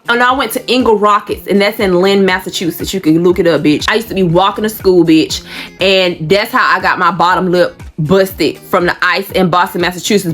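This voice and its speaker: A woman's voice: mid-range voice, fairly bright tone. A woman from Georgia, telling her own story on a vlog in a blunt, profane, rambling way. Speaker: vlogger. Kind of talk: candid personal storytelling.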